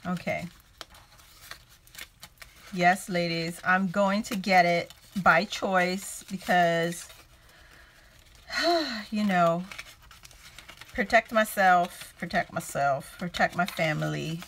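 A woman's voice: lowish voice, extremely slow, long pauses, fairly bright tone, a little hiss or hum. A woman hosting a casual crafting livestream from home, chatting, laughing often and greeting viewers by name.

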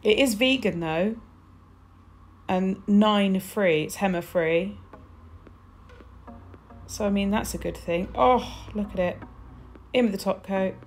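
Give me a British woman at medium pitch, chatting slowly and enthusiastically through a nail tutorial. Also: faint music behind. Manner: chatty and gushing, with little exclamations. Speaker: nail technician demonstrating polish swatches. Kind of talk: casual tutorial chat.

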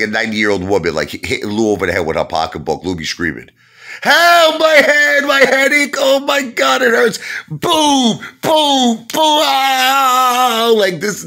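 A man's voice: low voice, a bit bright. A man delivering an emphatic comedic trash-talk rant to camera, repeating himself and pressing the point again and again. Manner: emphatic and repetitive, keeps saying "listen to me" and "okay?". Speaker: vlogger.

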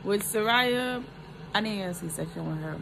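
A young woman and mother chatting slowly and emotionally to her viewers in a casual family vlog, filmed on a phone. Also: mid-range voice, vocal fry, noisy background. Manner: slow, emotional, talks to viewers as "y'all". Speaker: vlogger and mother.

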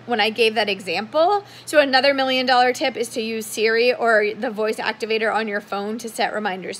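A young woman with a high, bright voice talks in a casual, upbeat coaching style. She sometimes slips into a livelier tone to act out example messages. Her delivery is friendly and energetic. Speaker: direct sales consultant giving tips. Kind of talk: casual coaching talk to camera.

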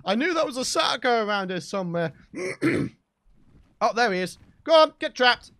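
A man commentating his own gameplay, shouting and exclaiming, teasing his in-game pets, his voice getting worn. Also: very high-pitched, very animated, moderate pace, gravelly. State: losing his voice. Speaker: gaming channel host. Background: game background music.

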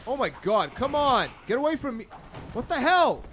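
A young man commentating a blind playthrough of a hard video game, swearing and shouting at enemies, then muttering to himself. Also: big pitch swings, moderate pace, a little hiss or hum. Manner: swearing, yelling at enemies, sudden pitch jumps. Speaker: gaming channel host. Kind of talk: blind let's play commentary.

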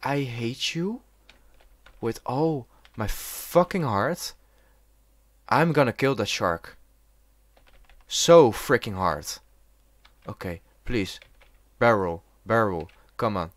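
A man voicing a survival game run, his words coming at an unhurried pace. He swears and shouts at the game whenever it turns on him. The sound is dry and close, with no room around it. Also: medium pitch, dry recording. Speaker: gaming YouTuber. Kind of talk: let's play commentary.

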